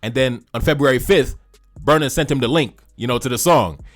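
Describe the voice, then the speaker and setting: A man's voice: mid-range voice, a little fast. Laid-back Haitian man chatting about music. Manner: laid-back, repeats phrases, frequent shout-outs. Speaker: music reaction video host. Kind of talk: casual reaction commentary.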